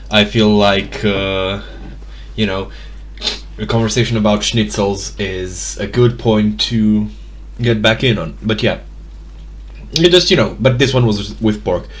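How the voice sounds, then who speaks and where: A man's voice: on the low side, a little slow. A man narrating a tabletop game as game master, hesitant and full of fillers and restarts.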